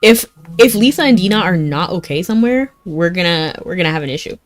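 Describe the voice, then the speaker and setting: A woman's voice: on the low side, lively intonation, fast, faint music behind. A young woman chatting casually while she streams a fantasy game. She keeps filling her sentences with "like" and reacts openly to the story as it unfolds. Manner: chatty, peppers speech with "like", reacts emotionally to the story.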